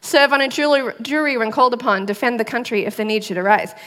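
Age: adult. Sex: woman. Role: church speaker. Pitch: fairly high. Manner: lively, quizzing the congregation. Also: fast. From outside the United States. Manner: lively, quizzes the audience with questions. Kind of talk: sermon.

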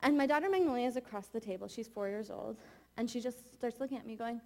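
A woman's voice: a little high, animated, quick pace. Candid woman preaching a personal story. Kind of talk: sermon told as a personal story.

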